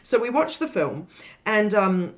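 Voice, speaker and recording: A woman co-hosting a film podcast, talking in a chatty, animated way with lots of asides. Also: mid-range voice, a little slow, a loud crowd. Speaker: podcast co-host. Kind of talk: casual film discussion.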